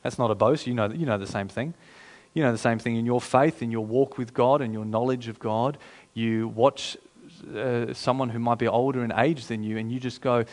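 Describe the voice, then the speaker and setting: A pastor preaching a sermon in a conversational, emphatic way, repeating phrases for effect. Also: male voice, mid-range voice, steady tone, moderate pace, a little mellow.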